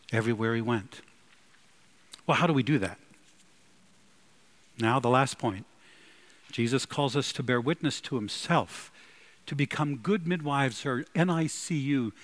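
A man preaching a sermon, emphatic and animated, with sudden loud bursts. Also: medium pitch, measured pace, pauses often. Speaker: pastor.

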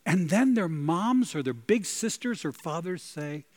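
A man's voice: fairly high pitch, expressive, measured pace, few pauses. A male pastor preaching a sermon, dramatic, breaking into gasps and soaring on emphatic lines.

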